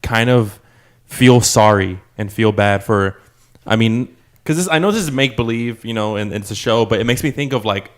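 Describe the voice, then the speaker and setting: A man co-hosting a podcast, talking earnestly in halting phrases and often dropping his voice low. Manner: earnest, halting, drops to a mutter. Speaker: podcast co-host. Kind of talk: casual recap chat.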